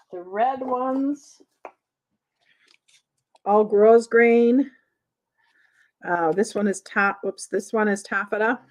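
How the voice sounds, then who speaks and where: Slow-talking woman hosting a vintage sale. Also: medium pitch. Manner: chatty, reads prices and lot numbers to viewers. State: has the hiccups. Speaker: live sale host. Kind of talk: live-streamed vintage sale chat.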